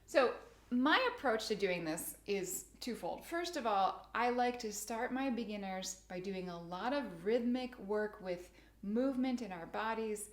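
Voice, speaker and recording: A woman's voice: mid-range voice, expressive, measured pace. Methodical woman piano teacher, roomy sound. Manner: clear, methodical explaining, chanting rhythm words. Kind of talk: instructional video for teachers. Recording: roomy echo.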